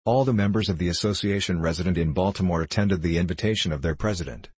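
A male audiobook narrator reading in a steady, measured way. His voice sits low and slightly husky. The recording is close and dry. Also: no echo. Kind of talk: scripted narration.

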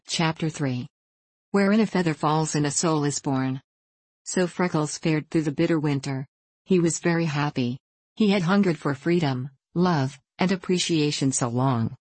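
A woman with a low voice narrates a novel in a measured, steady way. The recording is dry and close. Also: no echo. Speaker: audiobook narrator. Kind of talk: scripted narration.

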